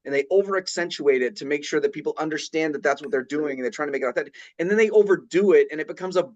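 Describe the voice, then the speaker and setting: A man's voice: fairly high pitch, very fast, dry recording. A man with a Boston accent, a podcast guest in casual conversation, who often stops and restarts and repeats words. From New England. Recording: slightly dull, lo-fi audio.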